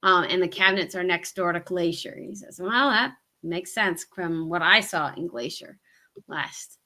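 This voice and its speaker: A woman's voice: on the low side, moderate pace, bright, forceful tone. A woman with a Southern US accent co-hosting a hiking livestream, chatting casually and rambling with many ums. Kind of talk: casual live-stream chat.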